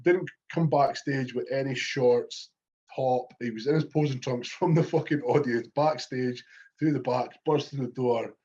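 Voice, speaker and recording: A man's voice: mid-range voice, unhurried, highs cut off. A Scottish man co-hosting a podcast, telling backstage stories in casual chat with lots of swearing. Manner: swears freely, animated storytelling. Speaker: podcast co-host.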